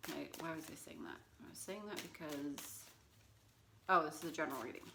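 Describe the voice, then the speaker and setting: Chatty woman w a low voice rambling thru a tarot reading, lots of ums and likes, bit of hiss. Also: brisk, creaky, pushed and bright. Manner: chatty, rambling, full of fillers and asides; talks baby talk to her cat. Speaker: tarot reader. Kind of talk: casual tarot reading vlog.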